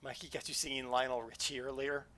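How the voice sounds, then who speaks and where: A man's voice: mid-range voice, little pitch movement, fast talker, bright, forceful tone. A man hosting a live game stream, chatting casually and joking around as he plays. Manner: playful, jokey, chatty. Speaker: livestream host.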